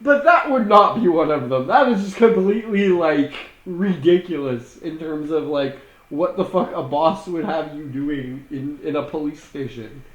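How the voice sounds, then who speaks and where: A man's voice: a little high, normal speed, highs cut off. A young man co-hosting a podcast, chatting casually and profanely about a film, laughing and acting out scenes. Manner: profane, laughing, acts out scenes in put-on voices. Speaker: podcast co-host. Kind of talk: casual movie-review chat. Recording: echoey room.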